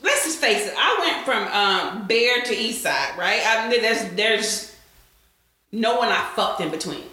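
A woman's voice: mid-range voice, a little slow. A young adult woman co-hosting an explicit casual podcast, telling crude stories with lots of laughter. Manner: crude, animated storytelling with frequent laughs. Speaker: podcast co-host. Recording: very echoey room.

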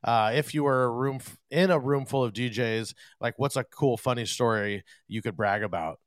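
Relaxed man hosting a chat. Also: medium pitch, normal speed, no room sound, studio quality. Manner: relaxed, laughs along. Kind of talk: casual chat.

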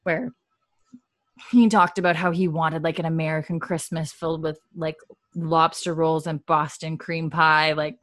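A young woman with a low voice runs through a TV episode in a loose, chatty recap, leaning hard on "like" and slipping into the characters' lines as she goes. The sound is close and dry, with no room to it. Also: steady tone, unhurried, fairly bright tone, no room sound. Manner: chatty, heavy on "like" fillers, acts out the characters' lines. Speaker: podcast host.

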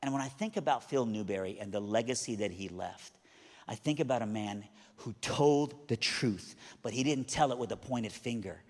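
A man's voice: medium pitch, moderate pace. A man preaching, telling a story with animation and frequent stammered restarts. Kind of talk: sermon storytelling. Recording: long hall reverb.

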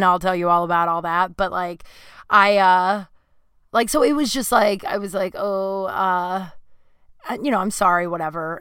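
Bright-voiced young woman telling a comic story. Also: mid-range voice, clean tone, no echo, clean studio sound. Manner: rambling, animated, acts out quoted voices. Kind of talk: comedic storytelling.

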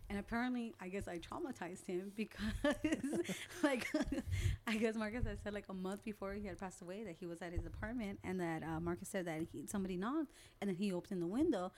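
A woman's voice: medium pitch, brisk, a little mellow. A young woman, a guest on an interview show, chattily retelling conversations and memories in a casual storytelling way. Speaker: guest, older sister.

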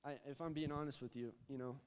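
A man's voice: mid-range voice, fairly even intonation, fast, a little mellow. A young man preaching a casual sermon as a youth pastor in a church, often repeating words and prompting the congregation to answer back. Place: church sanctuary. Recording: long hall reverb.

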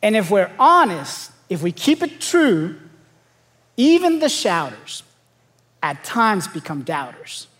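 A man's voice: high-pitched, sing-song, takes it slowly, fairly bright tone. A young adult man from Los Angeles, a pastor preaching a sermon, telling stories and building to emphatic calls to the congregation. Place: large church auditorium. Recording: long hall reverb.

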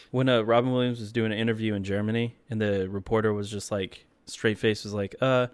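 Lower-voiced young man, wry podcast banter. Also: fairly even intonation, brisk, clean tone, no echo. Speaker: podcast co-host. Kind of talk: casual chat.

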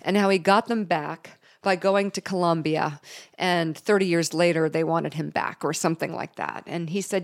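A woman's voice: fairly low pitch, fairly even intonation, normal speed, gravelly. A middle-aged woman telling a personal story in a candid, emotional way, with laughs and chatty fillers.

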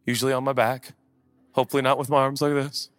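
A man preaching a sermon as pastor, swinging between loud impassioned calls and quiet conversational asides. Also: medium pitch, flat delivery, quick pace, dry recording, long reverb tail, soft background music.

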